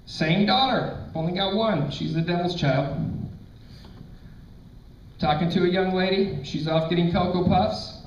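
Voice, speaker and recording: On a comedy club stage, a middle-aged man performs stand-up, telling crude stories deadpan at a measured pace in a voice that sits high, then hitting punchlines with sudden loudness. The recording is roomy, distant and dull with faint noise, and audience laughter can be heard.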